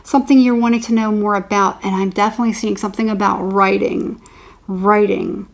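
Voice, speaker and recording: A woman's voice: mid-range voice, fairly even intonation, fairly quick, gravelly. A woman giving an intuitive horoscope reading, rambling and repeating words as she channels impressions. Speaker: tarot reader.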